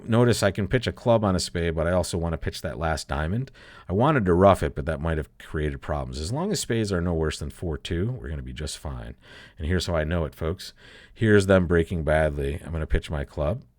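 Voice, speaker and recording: A man's voice: low-pitched, no echo, clean studio sound. A man giving a casual bridge lesson while he plays, thinking aloud, laughing often and calling his listeners folks. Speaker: bridge teacher. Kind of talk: casual play-along bridge lesson commentary.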